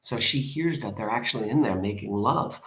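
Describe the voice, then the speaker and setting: A man's voice: lowish voice, moderate pace, roomy sound, rough recording. A man teaching a lesson, reading a poem aloud and explaining it in a chatty, enthusiastic way. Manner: chatty, enthusiastic, shifts between soft reading and excited asides.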